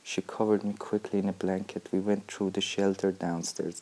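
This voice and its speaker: A man in his thirties performing an intense, deliberate spoken-word monologue that drops at times to a whisper. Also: deep voice, little pitch movement, dark tone, rough recording.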